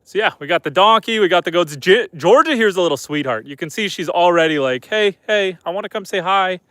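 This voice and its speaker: Out on his farm at night, a young homesteader livestreams in a high-pitched, animated voice that's a bit bright and a little fast. He casually talks to his animals and reads viewer comments out loud, recorded without echo.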